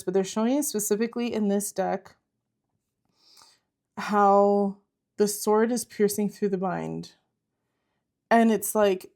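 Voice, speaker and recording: A woman's voice: medium pitch, warm tone. A woman giving an earnest, encouraging tarot reading to camera, repeating herself and saying "like" often. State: close to tears at times. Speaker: tarot reader.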